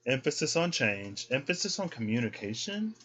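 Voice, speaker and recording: A man's voice: mid-range voice, big pitch swings, normal speed, a bit bright, breathy edge. A man giving a casual, chatty tarot reading to his viewers. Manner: chatty, folksy, talks to viewers as y'all. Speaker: tarot reader.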